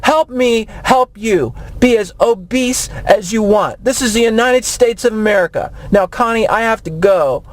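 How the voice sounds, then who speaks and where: A woman's voice: fairly high pitch, moderate pace, hardly any pauses, lightly acted, poor audio. A woman voicing a brash, gluttonous male state governor who talks in a boastful, bullying, defensive way in a comedy radio sketch. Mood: insistent.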